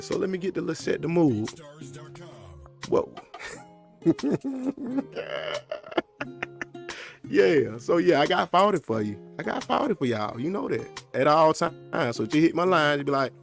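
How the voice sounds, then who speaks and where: A man's voice: fairly high pitch, creaky. A man hosting a casual, unscripted podcast, rambling in loose slang with lots of fillers and asides. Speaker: podcast host.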